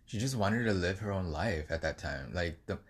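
A man with a low-pitched voice co-hosts a podcast, rambling through casual chat at a normal speed with lots of fillers. He's animated and laughs easily, and there's a little hiss or hum in the recording.

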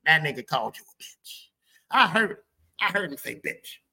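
A man's voice: on the high side, big pitch swings, normal speed, sharp tone, distant mic, full character voice. A man voicing his hot-tempered, protective father, who talks in a blunt, profane, threatening way. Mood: angry.

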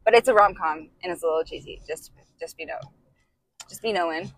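Against a crowd in the background and a rough recording, this young woman talks briskly in a fairly low voice. Co-hosting a casual podcast chat, she tells lively stories and laughs frequently.

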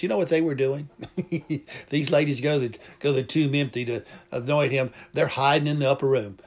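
A man's voice: mid-range voice, fairly even intonation, fairly quick. A man preaching a sermon, fervent and emphatic, repeating phrases for emphasis. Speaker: pastor.

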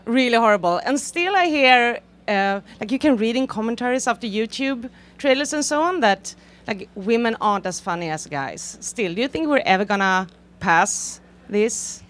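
A woman's voice: a little high, expressive, moderate pace, fairly bright tone. A woman in the audience asking a panel a question earnestly, hesitating with frequent fillers.

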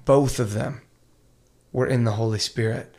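A man talking casually as a podcast guest, animated and acting out quotes as he tells stories. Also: mid-range voice, unhurried. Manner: animated storyteller, acts out quotes.

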